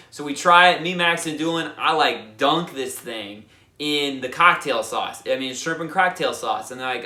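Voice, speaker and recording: Excited young man in an echoey room. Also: fairly high pitch, normal speed. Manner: animated, lots of fillers, acts out quotes. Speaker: board game channel host. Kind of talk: excited casual recap.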